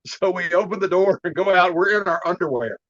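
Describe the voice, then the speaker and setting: A man telling a story in a casual interview, animated and laughing often, clearing his throat now and then. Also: high voice, fairly quick, no room sound, highs cut off. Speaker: martial arts teacher, interview guest.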